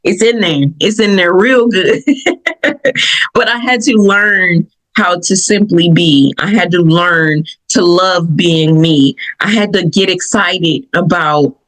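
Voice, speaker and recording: A woman from Michigan with a Southern accent, hosting a podcast and telling personal stories in an animated way, laughing often. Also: fairly low pitch, rough recording. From Michigan, USA. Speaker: podcast host. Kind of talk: personal reflective talk.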